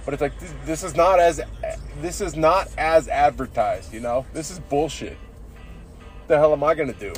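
Man, tipsy, podcast host, rambling monologue, profane, keeps saying dude, somewhat high voice. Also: moderate pace, faint music behind. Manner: profane, says "dude" constantly. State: tipsy from drinking beers.

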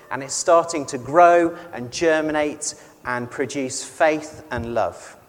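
A man preaching a conversational sermon in a measured way, often putting questions to the congregation. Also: mid-range voice, big-room sound. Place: church.

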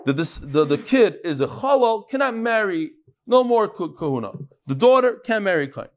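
Man, high voice, very lively pitch, Talmud class lecture, rhetorical questions, restarts. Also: normal speed, a little hiss or hum. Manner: animated, fires rhetorical questions, frequent restarts. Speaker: Talmud teacher.

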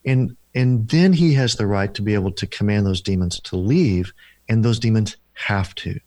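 A man telling a personal ministry story in an interview, earnest and slowing down for emphasis as he acts out the dialogue. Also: fairly low pitch, a little mellow, no room sound. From former Protestant, now Catholic. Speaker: deliverance minister, guest.

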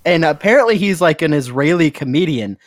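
A man's voice: a little high, expressive, fairly quick, no room sound, studio quality. A man co-hosting a casual podcast, reviewing a movie with wry, sarcastic asides and frequent laughs. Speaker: podcast co-host.

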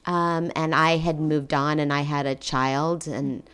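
Woman, 40s, low-ish pitch, animated storyteller, conversational. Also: measured pace, smooth. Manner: animated storyteller, acts out quoted voices. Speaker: guest telling life stories. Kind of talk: casual chat. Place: indoors at a table.

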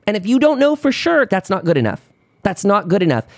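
A man's voice: high voice, huge pitch swings, brisk, no room sound, studio quality. A man hosting a podcast, giving a heated, sarcastic political monologue and putting on mocking voices when he quotes people. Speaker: podcast host.

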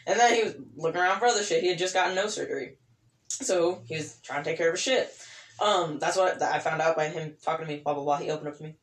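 A woman's voice: deep voice, quick pace. A woman co-hosting a casual podcast, telling a long work story in a rambling way, swearing and laughing easily. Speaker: podcast co-host. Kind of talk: casual chat. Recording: echoey room.

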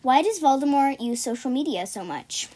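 Young woman w a high voice reading jokes on a podcast, giggles a lot, explains every punchline. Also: lively intonation, moderate pace, dark tone. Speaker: podcast co-host. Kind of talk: casual joke-reading podcast.

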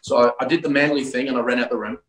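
A man from Australia, middle-aged or older, tells a personal conversion story as a guest. He talks earnestly, often restarting his sentences as he searches for words. His voice sits at an ordinary pitch in a roomy, echoing space. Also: steady tone, rapid-fire. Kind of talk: telling a personal faith story. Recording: roomy echo.

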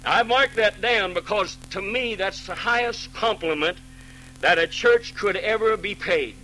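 A man's voice: high-pitched, a little slow, sharp tone, faint music behind, low-quality recording. A man preaching a sermon as pastor, folksy and plainspoken, quoting scripture and restarting phrases.

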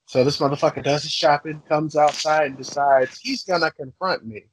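A man's voice: fairly high pitch, steady tone, moderate pace, noisy background. A man co-hosting a podcast, telling a heated story full of swearing and acting out what people said. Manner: heated, swearing, acts out quotes. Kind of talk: profane storytelling.

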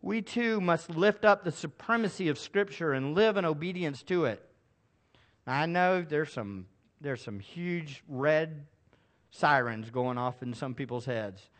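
A man's voice: on the high side, measured pace, fairly bright tone. A male pastor preaching a sermon to a congregation, emphatic and calling for responses. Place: church service with a congregation.

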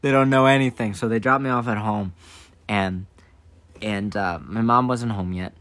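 A young man telling a childhood story on a casual talk show, animated and rambling, forever saying "I was like". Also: on the low side, normal speed, dry recording.

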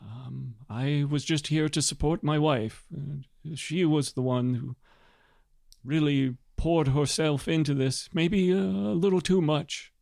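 A man's voice: a little high, takes it slowly, gravelly, darkish tone, no room sound, clean studio sound, voice pushed up. A man voicing a weary, grieving older lord who stammers and hesitates.

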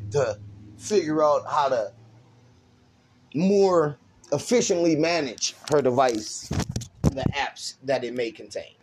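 A man's voice: mid-range voice, a little mellow, a little hiss or hum. A young man hosting a casual podcast, teasing and laughing often while swearing freely. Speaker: podcast host. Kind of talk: casual profane podcast chat.

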